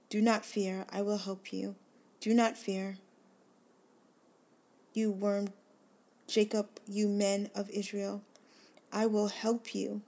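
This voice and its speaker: A woman reads scripture in a slow, earnest devotional style. Her delivery is unhurried and even, with little rise and fall, and she leans gently on key words. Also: medium pitch, creaky. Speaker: devotional host. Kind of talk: scripture reading and devotional reflection.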